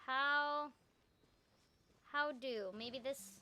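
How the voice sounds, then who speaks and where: A woman's voice: sits high, steady tone, drawn-out words, sharp tone, slight background noise. A young woman, a voice actor, giving casual, bubbly gameplay commentary, giggling often and filling her talk with "like". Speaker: voice actor streaming a game.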